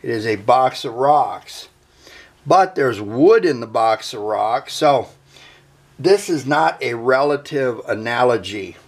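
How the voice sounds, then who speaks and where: A man's voice: mid-range voice, animated, slow. A man, hosting a workshop how-to vlog about building guitars, folksy and joking as he talks viewers through his work. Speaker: guitar builder, channel host.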